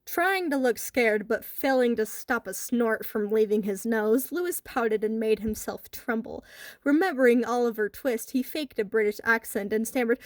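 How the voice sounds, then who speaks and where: Bright-voiced woman reading a horror story. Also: on the high side, moderate pace, dry recording, studio quality. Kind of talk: dramatic horror story narration.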